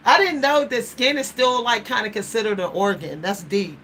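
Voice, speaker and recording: Female host, playful and musing, frequent laughter, slightly high voice. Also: moderate pace, a bit bright, slight background noise. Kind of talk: casual livestream chat.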